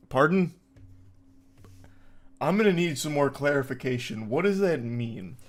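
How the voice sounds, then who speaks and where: A man's voice: a little high, expressive, measured pace, pauses often. A young man giving casual commentary as he reads online posts aloud, with wry, incredulous and mocking asides.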